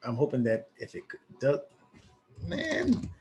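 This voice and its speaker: This man. He talks through a live trade in a loose, excitable way and keeps restarting his sentences. He sounds like a casual trading teacher talking straight to his viewers. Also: medium pitch, measured pace, a little hiss or hum. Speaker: forex trading educator.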